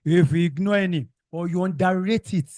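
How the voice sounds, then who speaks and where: A man's voice: high voice, brisk, darkish tone, dry recording. A man with a Nigerian accent teaching an exam-prep class, firing call-and-response questions and repeating words for his students.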